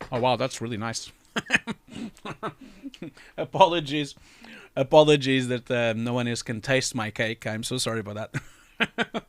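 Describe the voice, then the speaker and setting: On a dry recording, a medium-pitched man in his forties chats casually as host of his own livestream channel. He gets emotional and laughs often while reading messages.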